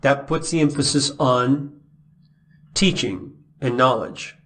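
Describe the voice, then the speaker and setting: A man's voice: mid-range voice, slow pace, a bit bright. Man teaching scripture verse by verse. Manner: explains verses with questions to the listener. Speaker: Bible teacher.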